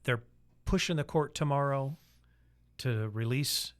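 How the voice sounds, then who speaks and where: A man co-hosting a casual podcast, laying out his views in an earnest, opinionated way. His voice sits at an ordinary middle pitch. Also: unhurried. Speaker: podcast co-host. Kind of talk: casual political chat.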